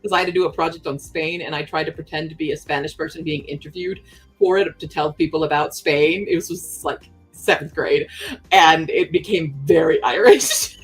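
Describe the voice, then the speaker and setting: Chatty woman streaming over soft music. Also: sits low, fairly even intonation, a little fast, breathy edge, rough recording. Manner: chatty, reads chat aloud, talks while crafting. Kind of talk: casual live-stream chat.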